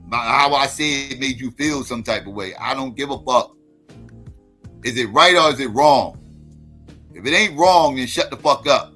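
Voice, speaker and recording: Streamer guy going off, cussing nonstop, repeats himself, sharp tense voice. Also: mid-range voice. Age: adult. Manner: combative, profane, repetitive. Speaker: livestream host. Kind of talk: heated livestream rant.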